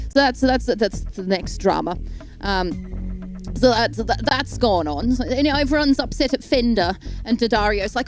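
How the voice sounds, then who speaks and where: A woman delivering a sarcastic, animated comedic rant straight to camera, rambling from point to point. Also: medium pitch, normal speed, soft background music. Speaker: comedic YouTube ranter.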